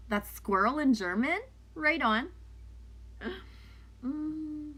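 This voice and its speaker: A woman's voice: high voice, expressive, very slow, long pauses, sharp tone. A woman whose first language is French, casually chatting with viewers and reading oracle cards aloud in a live stream. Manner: chatty, loose, talks back to viewers' comments. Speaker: oracle card reader.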